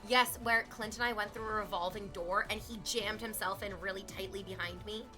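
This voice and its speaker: A woman's voice: mid-range voice, fairly even intonation, brisk, music in the background. A woman streaming from home, chatting casually with viewers in a playful, teasing way, swearing freely.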